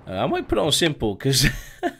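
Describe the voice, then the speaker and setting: A young man talks loosely through a live game stream, reading out viewer names and reacting as he goes. His voice sits at an ordinary middle pitch, and a faint truck engine rumbles under it. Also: huge pitch swings, quick pace, gravelly, fairly bright tone, slight background noise. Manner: chatty, greets chat viewers by name. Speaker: gaming streamer. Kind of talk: casual live-stream commentary.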